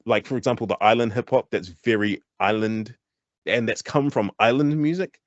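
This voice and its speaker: A man's voice: on the low side, moderate pace, dry recording, lo-fi sound. A man, a hip-hop artist, talking candidly and animatedly in an interview, pressing his points with emphasis and laughing now and then. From New Zealand.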